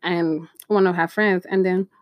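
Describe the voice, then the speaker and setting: A young woman in casual storytime chat, chatty and animated, acting out bits of dialogue with exclamations. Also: fairly low pitch, a little slow, no room sound, lo-fi sound. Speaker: vlogger.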